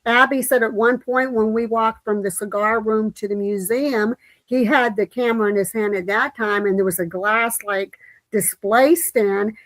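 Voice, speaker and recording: Woman, talk show host, higher voice, dry close sound, lively storyteller. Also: moderate pace, dry recording, poor audio. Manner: animated storytelling with quoted voices. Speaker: livestream host. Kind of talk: casual chat.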